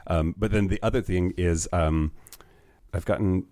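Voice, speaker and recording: Low-voiced, blunt man co-hosting a podcast. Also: measured pace, darkish tone, dry recording. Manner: candid and blunt. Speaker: podcast co-host. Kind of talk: casual podcast chat.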